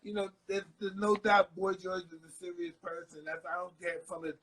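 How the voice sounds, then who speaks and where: Soft-spoken halting middle-aged man. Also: sits high, steady tone, breathy edge, low-quality recording. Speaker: guest. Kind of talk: casual interview chat.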